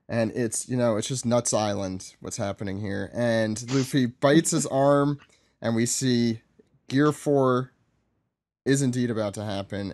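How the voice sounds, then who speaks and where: A man guest on a podcast, recapping a comic in a relaxed, wry way with hesitant fillers and frequent laughs. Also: mid-range voice, dry recording. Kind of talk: casual chat recapping a comic.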